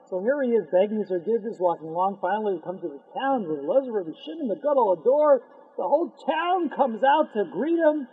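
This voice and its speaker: Male rabbi, lecture storyteller: high husky voice, lively bursts, heard over a phone-quality line. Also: fast talker. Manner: animated, acts out characters with sudden loud outbursts. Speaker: rabbi giving a Torah class. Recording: tinny phone-line sound.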